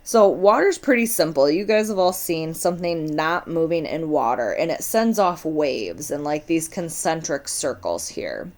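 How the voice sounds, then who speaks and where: A woman explaining a science lesson in a relaxed, chatty way, often asking her students questions as she goes. Her voice sits a little low, but it rises and falls a lot. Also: normal speed, hardly any pauses. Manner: casual, addresses students directly with questions. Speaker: science teacher. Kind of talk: recorded classroom lesson.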